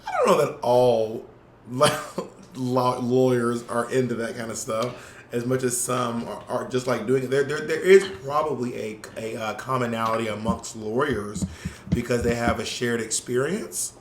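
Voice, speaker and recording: An animated man with a New York accent co-hosts a casual podcast chat. He talks fast in loose asides and laughs often. His voice sits in an echoey room with a faint hum of ambience behind it. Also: medium pitch. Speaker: podcast co-host.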